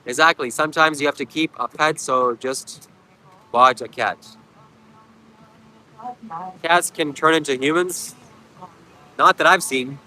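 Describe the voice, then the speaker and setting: A man from Canada streaming outdoors at a beach, answering his chat with deadpan jokes. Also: a little high, a little slow, long pauses, poor audio. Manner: deadpan, joking replies to chat. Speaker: livestream host reading chat. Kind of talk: casual livestream chat.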